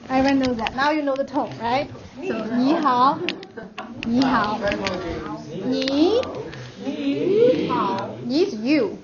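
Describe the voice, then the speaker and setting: A woman's voice: high-pitched, expressive, takes it slowly, long pauses, over a noisy crowd. A woman teaching a beginner language class, patiently modeling words for her students to repeat. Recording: dull audio, noisy classroom.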